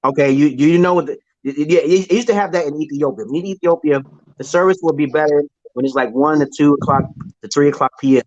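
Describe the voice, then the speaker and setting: A man's voice: a little high, fast talker, a little mellow, lo-fi sound. A man hosting a casual call-in livestream, rambling and crude, with stammering restarts. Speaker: livestream host. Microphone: online stream call.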